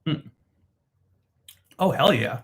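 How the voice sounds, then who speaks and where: A man's voice: fairly high pitch, lively intonation, takes it slowly. A man hosting a casual drink-tasting chat, joking and swearing freely. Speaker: host.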